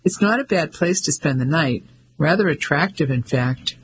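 A woman's voice: low voice, expressive, moderate pace, breathy edge, exaggerated voice, rough recording. A man voicing a frail older lady with a dry, unflappable manner.

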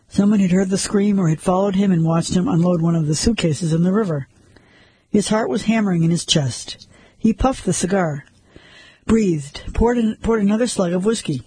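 A man narrating a crime story like an audiobook, measured and suspenseful. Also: high-pitched, mellow, slightly rough, dry recording, rough recording.

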